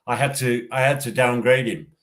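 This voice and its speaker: An older man, a former referee assessor, talking through refereeing in a measured way, often repeating and restarting his words. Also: medium pitch, a crowd in the background. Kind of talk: casual discussion.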